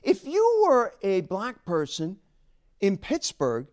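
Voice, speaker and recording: A man speaking as an author at a book talk, telling stories in an animated, emphatic way and chuckling along. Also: high-pitched, takes it slowly. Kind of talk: storytelling lecture.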